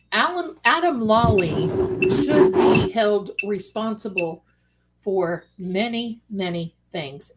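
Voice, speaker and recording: A woman hosting a casual livestream, chatting excitedly as she eats and comments. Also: medium pitch, a little hiss or hum, low-quality recording. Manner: excited, chatty, talks with mouth full. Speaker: livestream host. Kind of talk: casual live commentary while eating. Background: dish and cutlery clatter.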